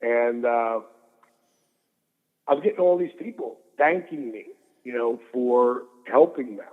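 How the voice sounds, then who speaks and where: Animated man storytelling over a phone line. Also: medium pitch, takes it slowly, in a large hall. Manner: animated storyteller, swears freely. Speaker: guest. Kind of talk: storytelling interview.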